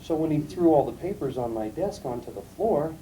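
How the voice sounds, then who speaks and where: A middle-aged man giving a classroom lecture, telling anecdotes in a calm, emphatic storytelling way. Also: on the high side, brisk. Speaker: guest lecturer. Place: lecture room. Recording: distant mic, faint room noise, archival tape.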